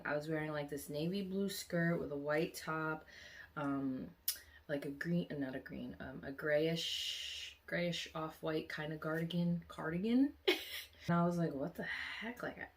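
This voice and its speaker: A woman vlogger tells a story casually and animatedly, using many fillers, and her voice climbs loud and high when she gets excited.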